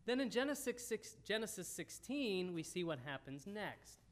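A man's voice: high-pitched, sing-song, moderate pace. A man preaching a sermon in a folksy, conversational teaching style, talking directly to the congregation. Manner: folksy, talks straight to the congregation.

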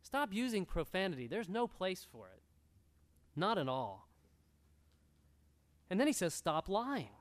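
Male pastor, high voice with a lot of swing, earnest sermon delivery that drives its points home. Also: huge pitch swings, measured pace, long pauses. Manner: earnest, exhorting, repeats key phrases. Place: church room.

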